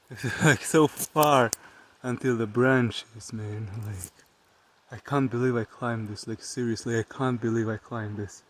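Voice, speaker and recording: Out in the woods near a pond, a young Eastern European-accented man narrates a casual vlog on a handheld camera. His medium-pitched voice wanders from topic to topic, punctuated by playful yelps and exclamations.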